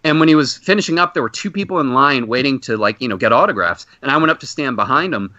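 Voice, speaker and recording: A man hosting a podcast, telling a long casual story and acting out loud exclamations. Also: mid-range voice, quick pace, no echo. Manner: animated anecdote with loud acted-out exclamations. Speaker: podcast host. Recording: dull muffled podcast audio.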